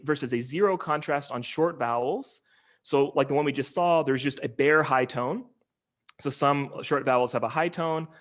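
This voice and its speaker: Male academic, online lecture, slightly high, halting and filler-heavy. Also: a bit bright. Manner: explanatory, many ums and restarts. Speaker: linguistics lecturer.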